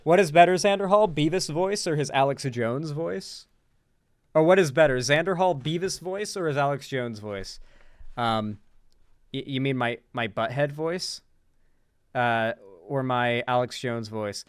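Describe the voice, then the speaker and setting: Smooth-voiced sarcastic male commentator. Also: medium pitch, a little slow, no room sound, clean studio sound. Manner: sarcastic, mocking, laughs often. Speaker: political commentary streamer. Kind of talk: casual commentary.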